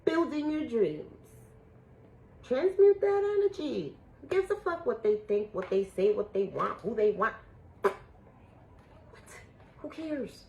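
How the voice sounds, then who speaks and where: A woman doing a casual spiritual tarot reading for her viewers, emotional and a little profane, swinging between excited outbursts and hushed awe. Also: mid-range voice, moderate pace, creaky, highs cut off, slight background noise. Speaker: tarot reader.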